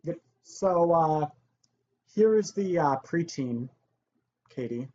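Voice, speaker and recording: A woman's voice: deep voice, animated, slow, mellow, a little hiss or hum. A woman hosting a let's-play, chatting and explaining the game in a giggly, casual way. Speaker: channel host. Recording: slightly muffled home recording.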